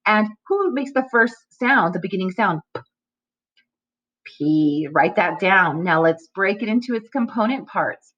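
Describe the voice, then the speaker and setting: A woman teacher giving a recorded phonics lesson to young children, speaking slowly and articulating every sound clearly. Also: medium pitch, expressive, fairly bright tone, lo-fi sound.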